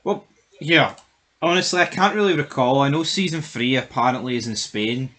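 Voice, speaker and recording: A man's voice: mid-range voice, moderate pace, bright, forceful tone. A Scottish man ranting in exasperation during a casual TV review chat. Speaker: show reviewer.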